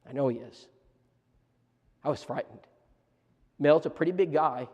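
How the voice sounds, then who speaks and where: A man preaching a seminar lesson as a story, animated and repeating words in quick bursts. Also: medium pitch, slightly rough, lo-fi sound. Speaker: preacher teaching a church seminar. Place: church auditorium. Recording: long reverb of a church hall.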